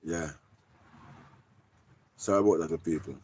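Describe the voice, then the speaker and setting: A Jamaican man talking casually on a live stream, giving shout-outs in loose patois and repeating his catchphrases. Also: a bass voice, measured pace, husky.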